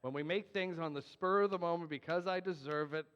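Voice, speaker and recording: A man's voice: on the high side, a little fast, fairly bright tone, smooth. A man preaching as a pastor, earnest and emphatic with joking asides. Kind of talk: sermon. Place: church sanctuary. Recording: dull, long hall reverb.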